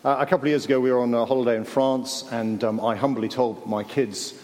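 A man's voice: mid-range voice, fairly even intonation, quick pace, a little mellow, long reverb tail. An English man preaching a sermon, telling stories animatedly and acting out the voices he quotes. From England.

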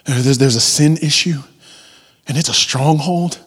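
Preacher in a reverberant hall, husky voice. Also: male voice, fairly high pitch, unhurried. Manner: dynamic, swinging from loud emphasis to hushed whispers; conversational, acts out the congregation's prayers. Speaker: pastor. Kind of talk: sermon.

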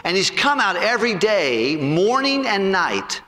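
A man preaching a sermon, retelling a story in an animated way and often repeating words as he goes. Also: sits high, a little slow, in a large hall.

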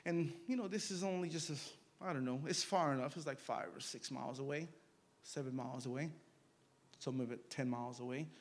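A middle-aged man preaching a sermon, telling stories and swinging from hushed asides to loud, emphatic bursts. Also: medium pitch, brisk.

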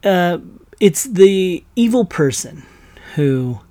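A man's voice: high voice, very animated, takes it slowly, warm tone. Profane man ranting solo. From United States. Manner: profane, heated, sarcastic ranting. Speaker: podcast host. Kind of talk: solo rant.

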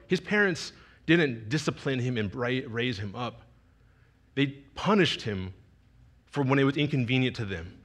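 A man's voice: mid-range voice, a bit bright. A young man giving a sermon as a youth pastor, telling a personal story in a conversational, emotional way with frequent restarts.

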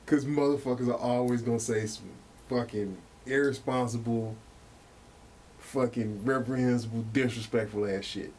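A man hosting a podcast, telling stories in an animated, profane, casual way. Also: medium pitch, normal speed, a little hiss or hum. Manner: animated and profane, with lots of fillers. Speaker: podcast host.

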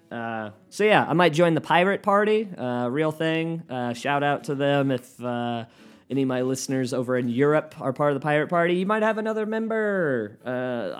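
A man hosting his own podcast from his living room, rambling and swearing, often flaring into yelling. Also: mid-range voice. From United States. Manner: profane, rambling, flares into yelling. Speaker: podcast host and stand-up comedian. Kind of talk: solo podcast rant.

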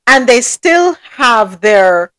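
A woman's voice: on the high side, extremely slow, no room sound. A woman hosting a podcast, reading news items and chatting casually with a co-host. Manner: animated, rises sharply when questioning. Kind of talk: casual news recap and chat.

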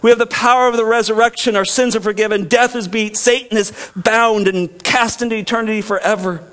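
Man, pastor, high voice, earnest sermon delivery, shifts from hushed to forceful. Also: fairly even intonation. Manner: earnest preaching, swings from soft and slow to loud and emphatic.

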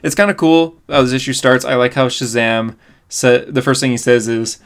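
A man co-hosting a casual comic book podcast, recapping the plot with excitement. He talks at a middling pitch with plenty of fillers and little laughs. The delivery is loose and conversational. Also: a little fast, creaky. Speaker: podcast co-host.

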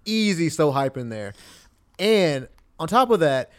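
A man's voice: fairly high pitch, very animated, unhurried. A young man co-hosting a casual podcast who insists on his point, repeating himself and swearing. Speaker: podcast co-host.

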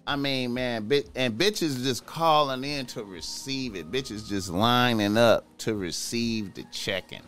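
A man giving profane, rambling casual commentary, repeating himself and breaking into high, incredulous outbursts. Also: a bit bright, smooth.

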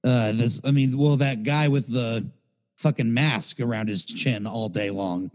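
A man's voice: medium pitch, measured pace, a little mellow, big-room sound. A man co-hosting a podcast, telling a rambling, profane story in casual chat. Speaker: podcast co-host.

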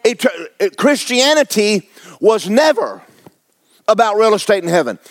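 A man's voice: high-pitched, sing-song, unhurried. A man, preaching a folksy, joking, emphatic sermon as pastor. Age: 70s.

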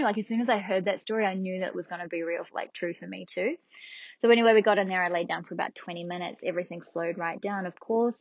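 A woman's voice: medium pitch, vocal fry, no room sound, highs cut off. A woman hosting a podcast, telling a personal story in a candid, blunt way, swearing freely and laughing often, and speaking directly to her listeners. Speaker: podcast host.

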